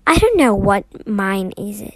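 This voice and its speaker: A woman voicing a gentle, kindly older shopkeeper man in a storybook, speaking softly and warmly. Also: medium pitch, big pitch swings, a little slow, no echo, studio quality. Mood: pleased. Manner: gentle, pleased.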